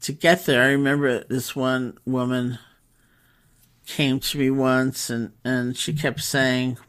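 A woman meditation teacher telling stories in a relaxed, conversational talk, with pauses and fillers. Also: a bass voice, clear, resonant tone. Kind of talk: storytelling talk.

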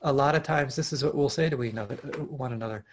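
A man teaching meditation at an online retreat, speaking earnestly and with animation, often restarting his phrases and laughing softly. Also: mid-range voice, quick pace, a little hiss or hum. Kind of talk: dharma talk at an online retreat. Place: home, over a video call.

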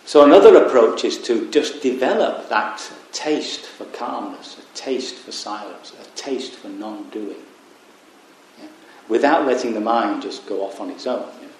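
A man giving a Buddhist dharma talk at a retreat, reflective and unhurried with wry asides. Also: lowish voice, lively intonation, a little mellow, slight background noise. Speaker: Buddhist meditation teacher. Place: retreat meditation hall. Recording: very echoey room.

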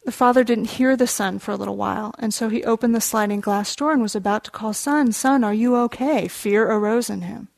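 A woman meditation teacher telling a story in a dharma talk, in a gentle, unhurried storytelling manner, explaining contemplative terms. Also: medium pitch, steady tone, creaky, no echo.

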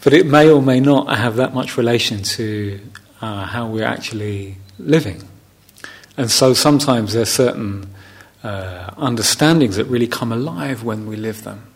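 A man, a meditation teacher giving a gentle, reflective dharma talk on a retreat. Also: mid-range voice. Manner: gentle, reflective, unhurried with soft laughs.

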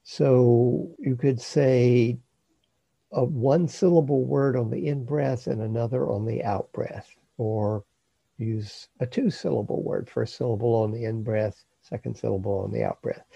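Slow, gravelly, dark-voiced male meditation teacher. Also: medium pitch, no echo, dull audio. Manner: slow, calm, unhurried with long pauses. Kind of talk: guided meditation instruction.

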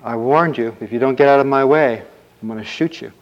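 A brave young prince from a told folk tale, full of bold boasts and defiant threats, voiced by a man. His voice sits at a middle pitch. The recording sounds dull and lo-fi. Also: unhurried, lightly acted.

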